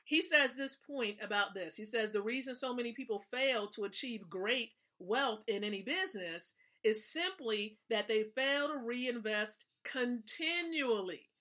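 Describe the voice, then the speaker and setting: A woman's voice: fairly high pitch, lively intonation, measured pace, hardly any pauses, pushed and bright. A woman hosting a live stream, giving a motivational business talk in an emphatic way, repeating her points and checking in with her listeners. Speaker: livestream host.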